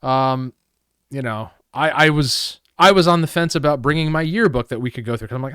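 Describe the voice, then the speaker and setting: A man in his late thirties, co-hosting a podcast in casual chat, measured and reflective. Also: mid-range voice, a bit bright, clean tone, no room sound, studio quality. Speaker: podcast co-host.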